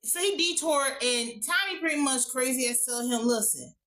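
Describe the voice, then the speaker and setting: A woman recapping a TV episode in a casual vlog, animated, slangy and profane. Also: sits high, moderate pace. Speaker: TV show reviewer.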